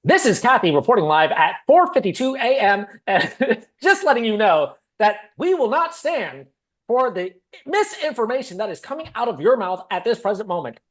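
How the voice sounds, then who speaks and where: Role: a man putting on a brassy female news anchor. Pitch: raised high. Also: big pitch swings, normal speed. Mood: mock-stern. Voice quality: booming broadcast cadence.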